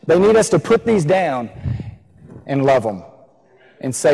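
A man's voice: on the high side, big pitch swings, measured pace, gravelly, pauses often, warm tone, breathy edge. A man preaching a sermon in a church, earnest, repeating key phrases for emphasis. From Texas. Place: church sanctuary. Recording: long reverb of a church hall.

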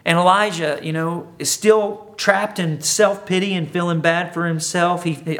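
A man preaching a sermon, retelling a scripture story in a relaxed, conversational and humorous way. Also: a little high, moderate pace, few pauses. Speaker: pastor.

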